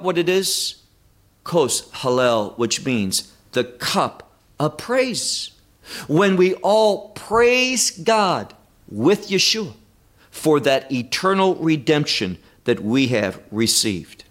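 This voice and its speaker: A middle-aged man gives a verse-by-verse Bible lesson at a very unhurried pace. His voice sits a little high for a man and swings widely in pitch as he stresses words. He teaches emphatically, repeating key terms and asking questions he then answers himself. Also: fairly bright tone.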